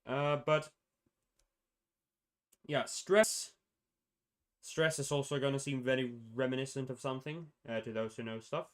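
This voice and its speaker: A man's voice: medium pitch, steady tone, measured pace, pauses often, clean tone. A young man casually explaining a constructed language's sound rules on a livestream, rambling and correcting himself as he goes. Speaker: streamer presenting a constructed language.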